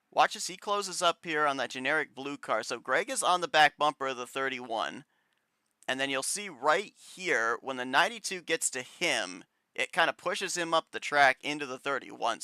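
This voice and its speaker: A man's voice: mid-range voice, bright, forceful tone, dry recording, studio quality. A man calling a sim racing broadcast, steadily explaining replays and standings as play-by-play commentator.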